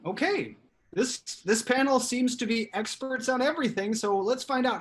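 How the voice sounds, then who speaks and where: A man hosting a live improv comedy show from home over a video call, upbeat and animated. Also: extremely high pitch, moderate pace. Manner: animated, upbeat, hedging fillers. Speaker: host.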